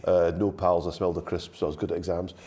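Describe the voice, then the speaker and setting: Low, mellow Glaswegian man. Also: little pitch movement, fast. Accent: anglified Glaswegian. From Scotland. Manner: chatty storyteller, laughs often. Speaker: guest. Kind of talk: casual chat.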